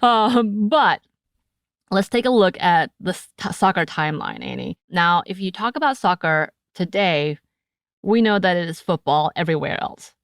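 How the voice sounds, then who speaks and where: A woman's voice: lowish voice, lively intonation, moderate pace, gravelly, no echo, studio quality. An American woman co-hosting a podcast, chatting casually with playful asides and frequent laughter. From United States. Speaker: podcast co-host.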